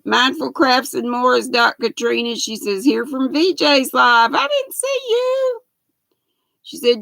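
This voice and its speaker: An older woman from the greets her viewers one by one at a slow, unhurried pace. Her voice is gravelly and a bit high, and the sound is close and dry with no room echo. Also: fairly bright tone. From United States. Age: 60s. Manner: greets viewers by name, reads chat aloud. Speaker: livestream host. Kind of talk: casual livestream chat.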